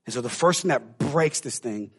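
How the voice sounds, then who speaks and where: A pastor preaching a sermon, emphatic and calling out to the congregation, swinging from hushed talk to shouting. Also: male voice, mid-range voice, expressive, moderate pace, slightly rough.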